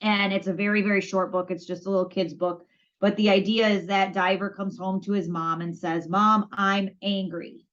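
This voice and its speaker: A woman co-hosting a podcast speaks briskly in a mid-range voice with little pitch movement. Chatting casually, she tells a story by acting out both sides of past conversations, and the audio is dull and lo-fi.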